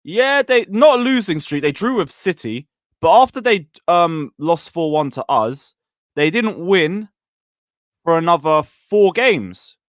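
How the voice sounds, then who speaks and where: A man's voice: on the high side, expressive, unhurried, no echo, studio quality. A man hosting a football livestream, chatting casually and reading out viewer messages. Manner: chatty, reads out chat messages. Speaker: livestream host.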